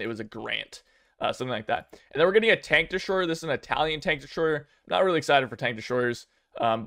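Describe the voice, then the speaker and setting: A young man giving casual commentary on game news, rambling and excitable, with many fillers and restarts. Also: mid-range voice. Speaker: gaming video creator.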